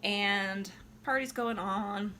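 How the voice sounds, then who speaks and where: A woman's voice: mid-range voice, slow, bright, forceful tone, slight background noise. Tipsy woman retelling an opera. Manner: loose, profane, full of "like". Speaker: opera reviewer. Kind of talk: casual retelling of an opera plot.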